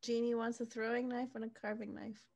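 A woman's voice: on the high side, flat delivery, a little fast, creaky, darkish tone, muffled recording. A woman playing a tabletop game, chatting about her moves with frequent restarts. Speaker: player. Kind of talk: tabletop role-play chat.

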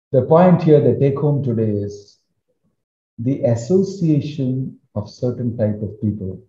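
A man, a spiritual teacher, giving an animated storytelling sermon with casual asides. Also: mid-range voice. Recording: roomy, slightly muffled recording.

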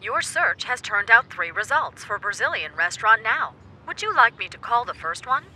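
A woman's voice: fairly high pitch, sing-song, moderate pace, sharp tone, a little hiss or hum, exaggerated voice, poor audio. A woman voicing a polite phone voice assistant in a comedy web series. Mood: helpful.

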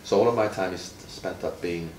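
A man's voice: low voice, a little fast, darkish tone. A man in his fifties from Jamaica, a retired footballer chatting with a child, playful and quizzing, stretching words for emphasis. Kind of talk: friendly teaching chat with a child. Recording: roomy, from far off, faint noise.

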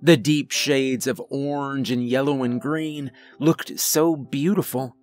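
A man tells a horror story in the first person, his delivery measured and grave. His voice sits in a middle register, and faint music plays beneath him. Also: mid-range voice, steady tone. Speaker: narrator. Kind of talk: scripted horror story narration.

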